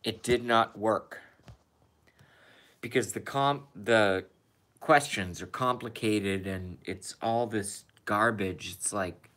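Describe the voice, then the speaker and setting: A man's voice: on the low side, takes it slowly, bright, forceful tone. A man streaming a rambling, profane rant in a casual monologue, emphatic and cursing freely.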